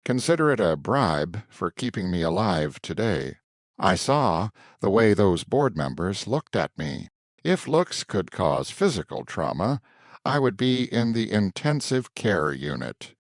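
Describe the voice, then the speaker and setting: A man's voice: deep voice, big pitch swings, a little slow, no room sound, clean studio sound, full character voice. A man voicing a blunt, confident woman analyst. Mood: self-assured.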